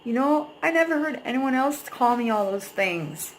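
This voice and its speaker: A woman's voice: high voice, sing-song, moderate pace, slight background noise, rough recording. A young adult woman vlogging, venting at length about a painful breakup in a rambling, emotional way and swearing freely. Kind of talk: personal venting vlog.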